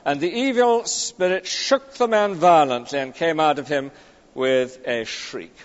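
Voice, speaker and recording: A man's voice: a little high, unhurried. A man preaching a sermon, emphatic, often tagging on rhetorical questions. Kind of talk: expository sermon. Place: large church. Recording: dull recording with long church reverb.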